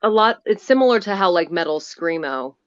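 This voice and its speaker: A woman's voice: on the low side, animated, brisk, no room sound. Female voice actor, chatty remote interview, dull audio.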